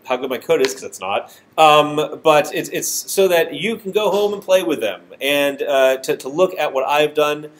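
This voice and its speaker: Nasal man lecturing a programming class. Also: a little high. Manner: filler-heavy, self-deprecating, restarts often. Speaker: university programming instructor. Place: classroom with hard walls.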